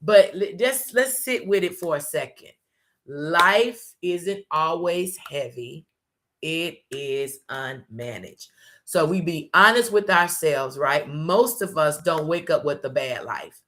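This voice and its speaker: A woman host giving an informal motivational talk, repeating phrases and slowing down for emphasis. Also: sits low, expressive, a bit bright. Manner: informal, uses y'all and ain't.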